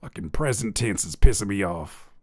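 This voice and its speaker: A man hosts a live music-review stream, and his pitch jumps all over the place as he jokes and roasts. His talk is profane and playful, full of wordplay. The recording is dry and close, with almost no room sound. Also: expressive, normal speed, no echo. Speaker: music reviewer and livestream host. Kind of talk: live music feedback stream, joking and critiquing.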